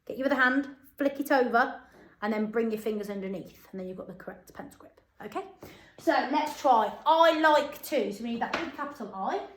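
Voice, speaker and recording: A woman teaching a phonics lesson to young children in an upbeat, encouraging way, slowly spelling words out letter by letter. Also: a little high, a little hiss or hum. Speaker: primary school teacher. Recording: echoey room.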